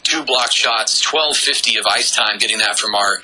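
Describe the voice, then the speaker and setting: A man's voice: lowish voice, moderate pace, sharp tone, husky, rough recording. A man giving live hockey color commentary, analytical, with frequent "uh"s. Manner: analytical, many filler "uh"s.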